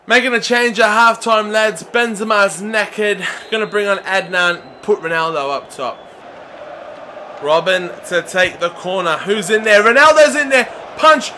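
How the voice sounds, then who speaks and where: A young man with a high, bright, tense voice commentates on a football video game at home. He is excitable, shouts at his players, and drops into grumbling in between. Faint hiss sits under the voice. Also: unhurried. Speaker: gaming YouTuber.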